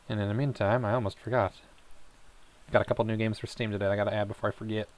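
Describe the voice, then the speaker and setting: A man's voice: on the low side, steady tone, a little fast, vocal fry. A man casually commenting on his gameplay, muttering asides to himself and trailing into whispers. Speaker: let's play host.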